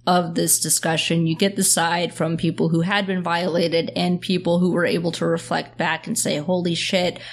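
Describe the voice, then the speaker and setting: A woman hosting a podcast, talking earnestly in quick bursts with lots of "like" and "you know" fillers. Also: on the low side, flat delivery. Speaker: podcast host. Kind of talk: casual podcast discussion.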